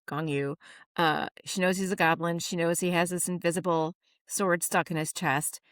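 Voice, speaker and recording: A woman co-hosting a podcast who also writes books, chatting in a breezy, playful way with quick asides. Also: on the low side, fairly bright tone, dry recording, clean studio sound. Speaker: podcast co-host and author. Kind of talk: casual podcast chat.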